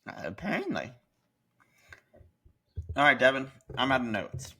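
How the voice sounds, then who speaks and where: A man's voice: medium pitch, sing-song, a little slow, bright, forceful tone. A man co-hosting a casual movie review chat, joking and teasing as he goes. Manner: jokey, mocking mock-British impressions. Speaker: podcast co-host.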